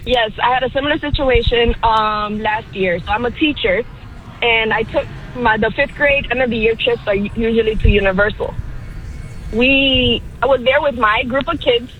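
A woman's voice: fairly high pitch, moderate pace, narrow, tinny audio. A woman teacher calling in to a radio show, telling a story in a firm, matter-of-fact way. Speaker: caller, teacher. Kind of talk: phone-in story.

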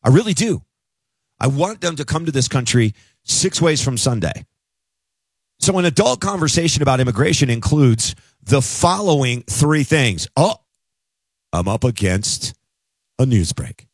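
A male talk radio host arguing his point in an emphatic, conversational way. His pitch swings widely as he presses on. The studio sound is dry and close. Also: very animated, measured pace, pauses often, slightly rough, no echo.

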